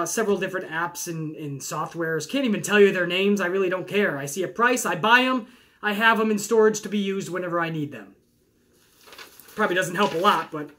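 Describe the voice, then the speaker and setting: Bright-voiced man chatting excitedly. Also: sits high. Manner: chatty and enthusiastic, reads questions aloud then riffs. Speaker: podcast host answering viewer questions. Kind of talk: casual chat.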